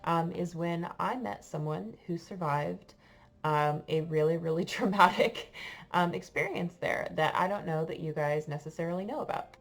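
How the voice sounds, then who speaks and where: An American French teacher tells her class a story in a chatty, halting manner, full of fillers. Her pitch is fairly low.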